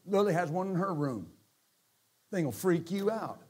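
Animated pastor preaching a sermon. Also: male voice, high voice, moderate pace, background noise. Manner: animated, joking, swings from quiet to shouting.

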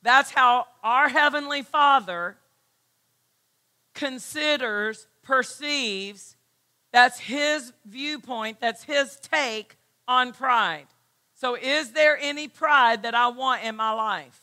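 A woman's voice: sits high, takes it slowly, pushed and bright. A woman pastor preaching a sermon, emphatic and full of rhetorical questions.

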